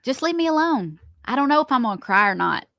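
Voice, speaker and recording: A talkative woman rambles through a story on a morning radio show and laughs often. Her voice sits a little high. The sound is dry and close, with no room echo. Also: very animated, fast, creaky, pushed and bright. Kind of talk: casual chat. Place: radio studio.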